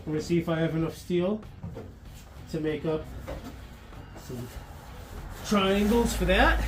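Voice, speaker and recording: Lively, enthusiastic man in a workshop vlog. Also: high-pitched. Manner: enthusiastic, thinking aloud while working, casual slang. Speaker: car builder. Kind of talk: casual workshop vlog narration.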